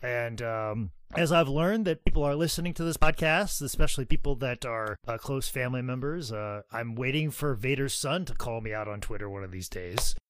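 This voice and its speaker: A man's voice: medium pitch, normal speed, hardly any pauses, fairly bright tone, no echo. Profane, rambling man telling stories. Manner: profane, rambling anecdotes with many "like"s; acts out others' voices while telling stories. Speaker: podcast co-host. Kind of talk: casual storytelling chat.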